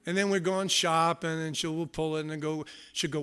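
Bright-voiced male preacher, storytelling. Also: fairly high pitch, steady tone, a little fast, hardly any pauses, clean tone. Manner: conversational storytelling with self-mocking humor. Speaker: pastor. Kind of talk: sermon.

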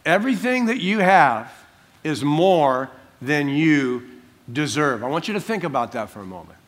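Animated older male pastor preaching. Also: on the high side, normal speed. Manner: animated, acts out quotes, jokey asides. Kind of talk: sermon.

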